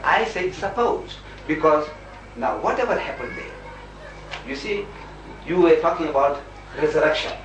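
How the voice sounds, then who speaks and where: A religious debater makes his case forcefully and argumentatively, dramatizing the voices of those he quotes. His voice sits a bit high, expressive and fairly bright, at a normal speed with long pauses. He's far from the mic in an echoey room, and a faint hiss runs beneath the old recording.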